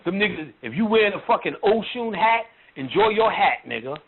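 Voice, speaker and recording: A man with a fairly high voice delivers a profane, ranting spiritual lecture, blunt and mocking throughout. The sound is thin and phone-like, with a faint hiss behind it. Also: big pitch swings, fairly quick, gravelly. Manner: blunt, mocking, heavy on profanity and street slang. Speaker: lecturer on occult and spiritual topics. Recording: tinny phone-like line with faint noise.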